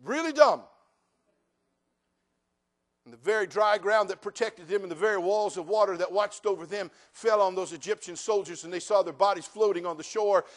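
A man's voice: sits high, moderate pace. An older man preaching a sermon, folksy and joking with the congregation, then building to emphatic, rising declarations. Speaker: pastor.

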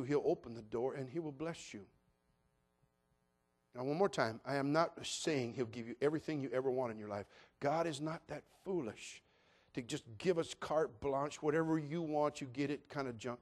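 A man preaching a sermon as pastor, folksy and full of jokes, swinging between loud declarations and hushed asides. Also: a little high.

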